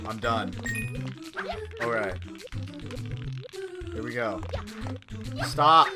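A man giving gameplay commentary, excitable and quick to yell in frustration before muttering again. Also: medium pitch. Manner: excitable, swings between muttering and frustrated shouting. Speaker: let's play host. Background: game music.

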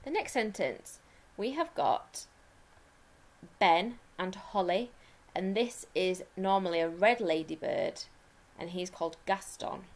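A primary teacher with an English accent and a mid-range voice leads a recorded lesson. She breaks things down step by step, slowing down to dictate.

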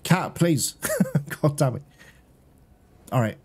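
A man's voice: a little high, lively intonation, takes it slowly, husky. A man giving casual let's-play commentary, chatting to his viewers, laughing and swearing often. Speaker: gaming streamer.

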